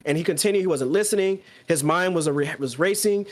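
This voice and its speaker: A podcast co-host talking casually, excitedly retelling a story and acting out the quoted lines. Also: male voice, on the high side, fairly quick. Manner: excited, acts out quoted dialogue.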